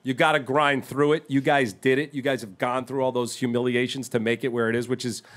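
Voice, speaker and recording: A man's voice: medium pitch, brisk. A man co-hosting a podcast, telling stories in casual chat and laughing often as he goes. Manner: laughing, excitable storyteller. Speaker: podcast co-host.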